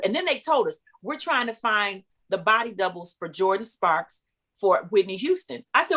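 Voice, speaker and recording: A middle-aged woman, a singer, telling a long story in an interview and acting out the voices of the people in it with big jumps in pitch. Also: animated, fairly quick, fairly bright tone. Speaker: guest, singer.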